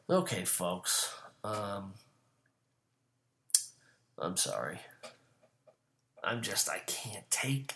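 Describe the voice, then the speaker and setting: A male host tears into a profane comedic rant, his voice lurching from low mutters up into sharp, furious shouting. His pitch swings wildly throughout the whole delivery. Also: drawn-out words, pauses often. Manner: furious, profane, shouting bursts between calm asides.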